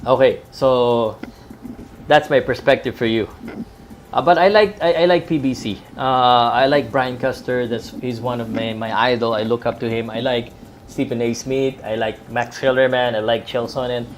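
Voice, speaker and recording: A man from the Philippines chats loosely about fight sports on a live stream, full of fillers and restarts. His pitch sits in the middle range, and a faint noise runs underneath. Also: moderate pace. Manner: chatty, rambling, with many fillers and restarts. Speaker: boxing commentator. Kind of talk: live fight-night talk.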